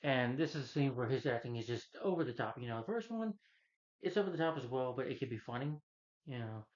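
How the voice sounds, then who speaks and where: A man's voice: mid-range voice, lively intonation, quick pace, lo-fi sound. A man reviewing a film in a casual, rambling rant, retelling scenes loosely and filling gaps with lots of "you know" and "uh". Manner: loose, meandering retelling with many fillers.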